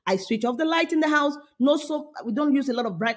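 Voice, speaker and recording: A middle-aged woman coaching parents, her fairly high voice swinging widely in pitch. She speaks emphatically, scolding and coaxing by turns, and drives points home with repetition. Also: animated, a little fast. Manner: emphatic, scolding then coaxing, repeats phrases. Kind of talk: motivational talk to parents.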